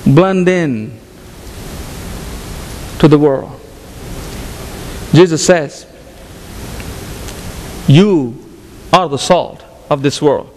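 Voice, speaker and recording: A man's voice: on the high side, drawn-out words, pauses often, a little mellow, big-room sound, slight background noise. A man preaching a sermon as pastor, emphatic, often restarting and repeating his phrases. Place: church sanctuary.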